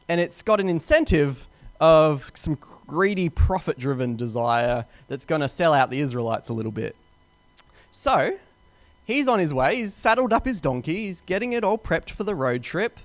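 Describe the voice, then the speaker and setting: A young man, a pastor, retelling a Bible story in a casual, chatty way and slipping into quick voices for the characters. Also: a little high, dry recording.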